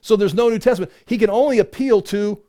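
A man's voice: sits high, fast, warm tone. A man teaching from scripture in a conversational way, reading passages and then explaining them in casual, self-correcting asides. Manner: chatty, self-correcting, many "you know"s.

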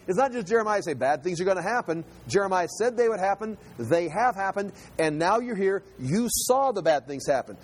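A man's voice: high voice, fast talker, hardly any pauses, husky. A middle-aged man giving a sermon in a conversational way, restarting and repeating words as he explains. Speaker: Bible teacher.

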